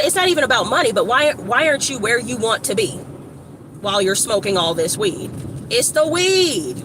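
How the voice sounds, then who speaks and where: A woman from Evanston, Illinois, giving a casual, rambling motivational talk to her phone camera outdoors, slangy and animated with lots of asides. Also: sits high. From Evanston, Illinois, USA. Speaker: motivational vlogger. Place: outdoors by a street with shops. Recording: outdoor traffic noise.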